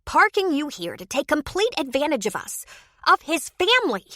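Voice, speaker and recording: A woman's voice: on the high side, expressive, moderate pace, sharp tone, dry recording, studio quality, voice pushed up. A woman voicing a spirited young wife who confronts others sharply and angrily. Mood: furious.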